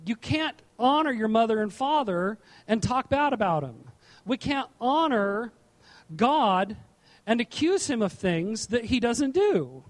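A man's voice: very high voice, lively intonation, measured pace. A middle-aged man, a pastor, preaching a conversational sermon, reading scripture aloud with asides and frequent restarts.

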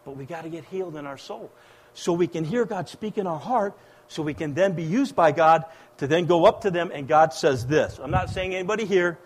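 A middle-aged man from the United States preaching a sermon, swinging between loud exhortation and hushed, quiet passages. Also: a little high, fairly quick. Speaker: pastor.

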